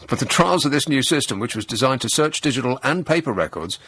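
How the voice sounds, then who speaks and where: A middle-aged man behind a close studio microphone, hosting a talk show with a dry, sarcastic edge. His voice sits at an ordinary middle pitch, and the booth around him is dead and dry. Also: fast talker, breathy edge, dry recording. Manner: sarcastic, deadpan mockery. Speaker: radio talk show host. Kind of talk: satirical radio monologue. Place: radio studio.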